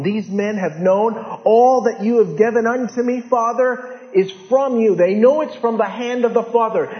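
Male pastor, sermon, impassioned with hushed drops, long hall reverb. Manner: impassioned, swings from loud urgent peaks to low hushed lines. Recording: dull lo-fi sound in a large reverberant hall.

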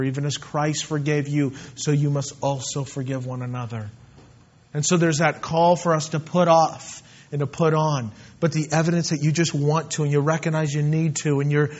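Emphatic preacher man, dull recording. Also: a little high. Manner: emphatic, swings between soft asides and loud bursts. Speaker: pastor. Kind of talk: sermon.

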